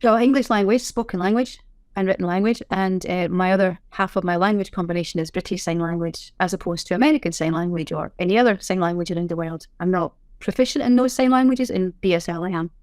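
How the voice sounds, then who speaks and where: A woman with a Scottish accent, a sign language interpreter being interviewed in casual chat, self-deprecating with quick asides. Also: fairly low pitch, darkish tone, no room sound, studio quality. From Scotland.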